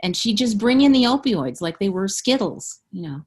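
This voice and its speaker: A woman's voice: mid-range voice, sing-song, normal speed, breathy edge. A middle-aged woman, an author being interviewed, speaking candidly and frankly and laughing often. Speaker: author guest. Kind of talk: interview conversation.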